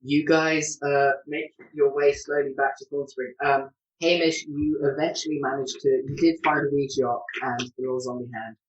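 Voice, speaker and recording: Hesitant game master on a distant mic. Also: male voice, medium pitch, flat delivery, moderate pace, few pauses, reverberant, lo-fi sound. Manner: hesitant, many ums, laughing often. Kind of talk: narrating a tabletop game. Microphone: video call.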